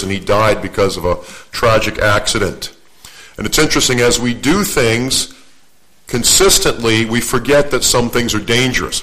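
A man's voice: mid-range voice, fairly bright tone, rough recording. An older man preaching in an easygoing, storytelling way, with a mid-range voice. He pokes fun at himself between points and often circles back, repeating his words as he goes. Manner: joking, self-deprecating, repeats and restarts phrases. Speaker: guest preacher. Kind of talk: folksy storytelling sermon.

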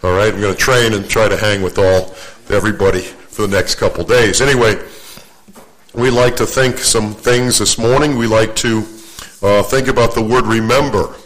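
This rough recording captures an older guest preacher whose voice is fairly low, steady, and fairly bright, at a moderate pace. His sermon is homey and anecdotal; he pokes fun at himself and keeps circling back to repeat or restart what he's saying.

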